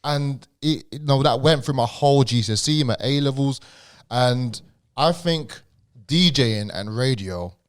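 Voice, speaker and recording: A young man with a noticeable stammer, chatting on a podcast. He talks in a halting, casual way, repeating words and dropping slang. His pitch sits in an ordinary middle range. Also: clean tone. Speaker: podcast guest and DJ.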